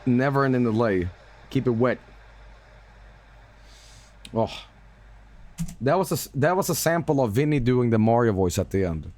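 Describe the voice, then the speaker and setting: A man's voice: mid-range voice, animated, normal speed, long pauses, a little mellow. A man streaming live and chatting casually with viewers, joking, swearing and sarcastic, with music playing behind him.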